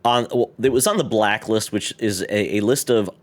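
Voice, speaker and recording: A man's voice: lowish voice, moderate pace. Teasing male podcast co-host. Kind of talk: casual chat.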